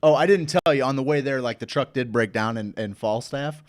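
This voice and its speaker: A man's voice: medium pitch, brisk, no room sound. A man with a Midwestern American accent telling a long, profane, rambling story as host of a casual live show.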